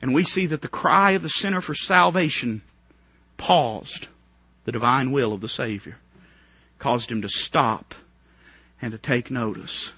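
A man preaching a fervent revival sermon, dropping to a hush and then rising to near shouts, with many rhetorical questions. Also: mid-range voice, a little slow, pauses often, slightly rough, no room sound, lo-fi sound.

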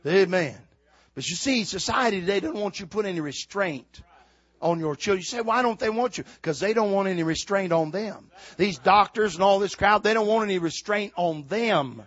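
An older man preaching a sermon, swinging from shouted exhortation to quiet, folksy storytelling. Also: high voice, expressive, moderate pace, no echo, highs cut off. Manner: fiery preaching, builds to shouts then drops to quiet storytelling.

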